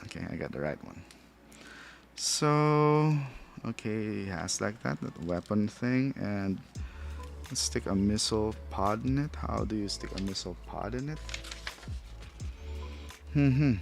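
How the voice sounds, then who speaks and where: Non-native English-speaking man, low gravelly voice, slow unhurried rambling toy review over faint music. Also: expressive. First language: not English. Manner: rambling, thinks aloud, chuckles at himself. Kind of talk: casual unboxing commentary.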